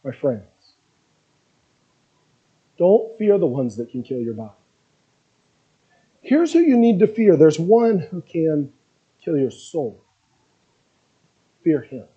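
A man voicing Jesus as a calm, gentle figure speaking softly and unhurriedly to his followers. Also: fairly high pitch, slightly rough, muffled recording, voice pushed down. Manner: soft, hushed and unhurried.

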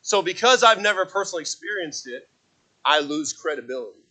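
A man preaching a sermon as pastor, telling a story with many restarts and fillers and acting out shouted voices. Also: high voice, lively intonation, brisk, rough recording. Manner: acts out shouted voices in his stories. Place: church.

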